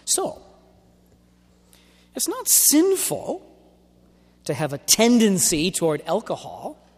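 A man preaching a sermon in an emphatic, deliberate way, stretching out key words. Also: sits high, huge pitch swings, a little mellow. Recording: long hall reverb.

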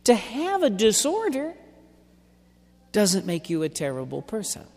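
A man preaching a sermon in an emphatic, deliberate way, stretching out key words. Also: high-pitched, huge pitch swings, a little mellow. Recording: long hall reverb.

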